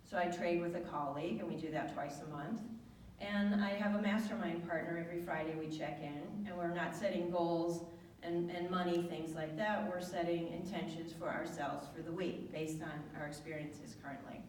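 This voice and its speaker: A woman speaking at a spiritual center, telling a lively personal story and acting out the dialogue in a raised voice. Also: moderate pace, slight background noise. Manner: animated storyteller, acts out quoted dialogue in a higher voice. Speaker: guest speaker. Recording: echoey hall from far off.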